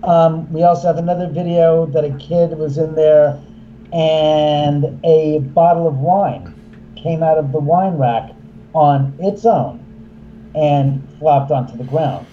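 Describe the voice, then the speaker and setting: A man, a haunted house owner and filmmaker, telling an animated story and acting out the voices of the people in it. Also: on the high side, takes it slowly, highs cut off, slight background noise. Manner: acts out quoted voices, excitable.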